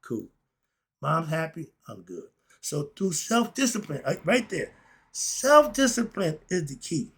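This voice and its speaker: A middle-aged man teaching spiritual philosophy, preachy and excitable, firing rhetorical questions at his listeners. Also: a little high, unhurried, husky. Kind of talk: spoken lesson.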